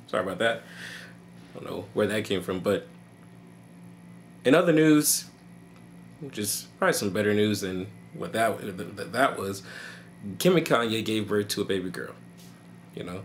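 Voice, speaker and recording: A man's voice: fairly low pitch, animated, moderate pace, pauses often, slight background noise. Rambling, joking male vlogger. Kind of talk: comedic rant.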